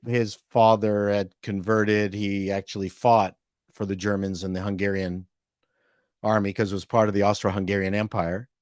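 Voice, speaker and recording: A man's voice: lowish voice, level tone, moderate pace, clear, resonant tone, dry recording, clean studio sound. A man chatting as an interview guest, rambling through stories with many fillers. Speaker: guest, former TV executive. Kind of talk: casual interview chat.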